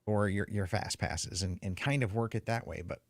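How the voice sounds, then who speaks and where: A man hosting a podcast, reading an ad and steering the chat in a brisk, organized way. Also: on the low side, no echo, studio quality. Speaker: podcast host. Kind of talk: casual podcast chat and ad read.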